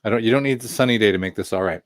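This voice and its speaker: A man with a lowish voice talks very fast while reviewing a craft beer live. His chat is rambling and casual, full of self-deprecating asides as he reads through viewer comments.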